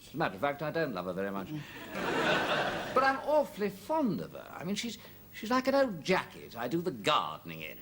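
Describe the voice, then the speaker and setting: An actor playing a jovial, roguish neighbour who chortles and talks in a hearty, knowing way, in a studio sitcom. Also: male voice, on the high side, huge pitch swings, a little fast, background noise.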